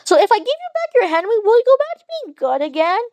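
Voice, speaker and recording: A woman's voice: extremely high pitch, sing-song, quick pace, darkish tone, no room sound, voice pushed up. A woman reading as a nervous, pleading hero. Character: frightened male hero pleading with villain. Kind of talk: amateur fanfic reading.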